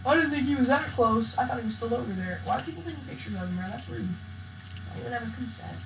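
Excitable woman gamer, highish voice, echoey room, faint hiss behind. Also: quick pace. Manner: excitable, bursts into loud shouts and cries, slangy. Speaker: gaming channel host. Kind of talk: live gameplay commentary.

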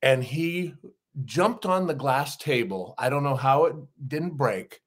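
Middle-aged male guest, mid-pitched, spins animated anecdotes. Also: slow pace. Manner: animated anecdotes with acted-out quotes and laughs. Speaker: guest, actor and former wrestler. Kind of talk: casual storytelling interview.

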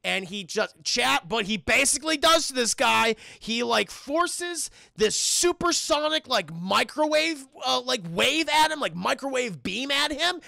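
A young man streaming a cartoon review, talking casually and excitably to his chat, with lots of swearing. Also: very high voice, measured pace, vocal fry, few pauses, no echo, clean studio sound. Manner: profane, excitable, talks to chat.

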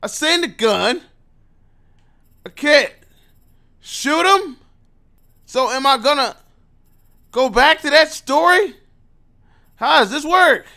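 A man giving loud, profane, joking commentary on a game as he plays, talking back to the characters. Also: very high voice, expressive, slow pace, vocal fry, pauses often. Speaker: gamer. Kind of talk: comedic gameplay commentary.

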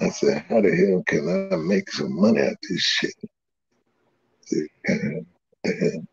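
A man tells a story with big swings in pitch, acting out every quote. His voice is gravelly and husky. The recording sounds dull and lo-fi. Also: normal speed. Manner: animated, laughing, swearing, acts out quotes. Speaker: storyteller guest. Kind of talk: casual storytelling.

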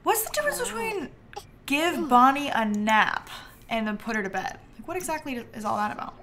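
A young woman streaming a life-simulation game, chatting excitably and talking to her characters. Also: fairly high pitch, a little fast, music in the background. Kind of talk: live game commentary.

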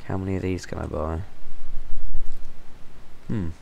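A man giving chatty, excitable gameplay commentary on his channel, breaking into sudden exclamations, recorded on a stand-in mic. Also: low voice, measured pace, gravelly, a little hiss or hum. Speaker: gaming channel host. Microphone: temporary stand-in mic.

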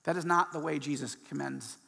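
A man giving a guest talk at a church. He is passionate and animated and often restarts his sentences. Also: fairly high pitch, fairly quick, creaky, breathy edge, big-room sound. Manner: excitable and animated, many restarts. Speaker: guest speaker.

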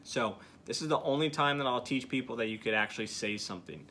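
A man's voice: mid-range voice, quick pace, pushed and bright, slight background noise. A man teaching beginners to use a duck call, coaching step by step with frequent "okay" check-ins. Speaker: duck calling instructor. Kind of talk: hands-on teaching demonstration.

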